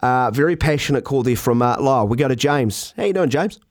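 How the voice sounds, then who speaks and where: Easygoing New Zealand radio host, dry. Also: male voice, mid-range voice, lively intonation, brisk, no echo. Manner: easygoing, hesitant restarts, calls callers mate. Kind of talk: talkback radio chat.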